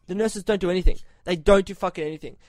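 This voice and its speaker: An Australian man with a high voice talks fast on a podcast, recorded dry, as he tells a story in casual conversation. He swears constantly, stays animated, and shouts whenever he quotes himself.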